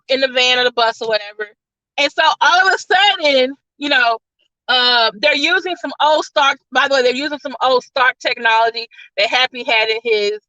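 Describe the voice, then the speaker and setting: A woman's voice: high-pitched, pushed and bright, no room sound, lo-fi sound. A woman reviewer retelling a movie plot in a casual, rambling way, full of "like" and "all of a sudden.". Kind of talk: casual spoiler-filled plot recap.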